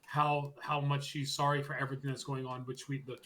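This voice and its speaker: A man co-hosting a podcast, casually recapping wrestling and loudly acting out the quotes as he goes. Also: medium pitch, a little fast, slight background noise. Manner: animated storytelling, acts out quotes loudly. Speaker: podcast co-host.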